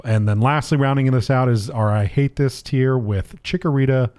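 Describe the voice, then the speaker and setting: A man's voice: mid-range voice, normal speed, darkish tone. A man co-hosting a casual gaming podcast, laid-back and hesitant, with many ums and restarts. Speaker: podcast co-host.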